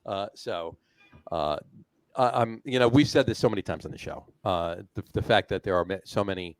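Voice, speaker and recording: A man's voice: on the low side, moderate pace, dry recording. A man co-hosting a casual beer podcast, rambling with fillers and restarts. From New Jersey. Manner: rambling, many restarts and fillers, laughs often. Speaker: podcast co-host. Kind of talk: casual chat.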